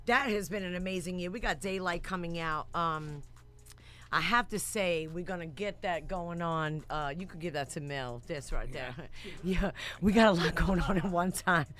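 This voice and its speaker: A woman hosting a casual radio talk show, telling stories in an animated, slangy way with laughs. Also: on the low side, normal speed.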